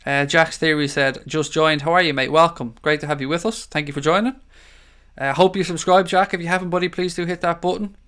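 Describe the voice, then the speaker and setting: A man's voice: a little high, steady tone, a little fast, a bit bright, clean tone. An Irish man hosting a casual live stream, reading out viewer comments and greeting people as mate and buddy. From Ireland. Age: adult father of young children.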